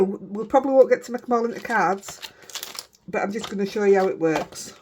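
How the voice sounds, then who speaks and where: A woman's voice: medium pitch, fairly quick, darkish tone, a little hiss or hum. A woman with a Yorkshire accent, chatting casually to viewers as she works on a card-making project, talking in a rambling way and often breaking off mid-sentence. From Yorkshire, England. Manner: chatty, rambling, self-interrupting. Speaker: craft vlogger. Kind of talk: casual crafting chat.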